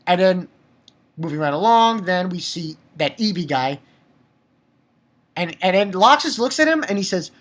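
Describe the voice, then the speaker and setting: A man giving a casual, excitable spoken review of a manga chapter, swearing and repeating himself for emphasis. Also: high voice, unhurried, long pauses. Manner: excitable, profane, laughs often; repetitive, emphatic.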